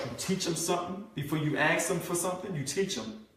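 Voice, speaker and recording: A man coaching a group on marketing, animated and repetitive, often checking in with "right?", acting out what his prospects think. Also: a little high, quick pace, slight background noise. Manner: animated, acts out prospects' thoughts. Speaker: network marketing trainer. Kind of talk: live group coaching session. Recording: very echoey room, mic far off.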